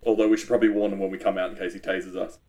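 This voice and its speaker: A man's voice: sits low, flat delivery, rapid-fire, darkish tone. A man playing a tabletop game, chatting and asking questions with some hesitation. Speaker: player.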